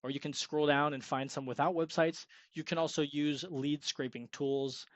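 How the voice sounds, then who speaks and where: A man's voice: fairly high pitch, fairly even intonation, moderate pace, dry recording, lo-fi sound. A young man giving an upbeat, salesy screen-share tutorial on freelance web design, sometimes acting out sample sales calls. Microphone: screen-recording mic.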